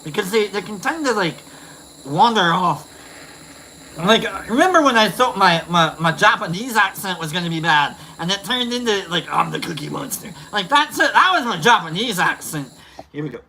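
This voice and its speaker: A livestream host chatting casually and reading out viewer names, rambling and halting with many fillers and restarts. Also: mid-range voice, animated, bright, forceful tone, slight background noise.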